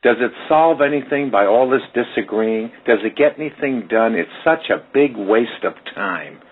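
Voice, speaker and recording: A man's voice: medium pitch, expressive, normal speed, husky. A man hosting a radio talk show, speaking emphatically and addressing listeners directly. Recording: tinny phone-line radio audio.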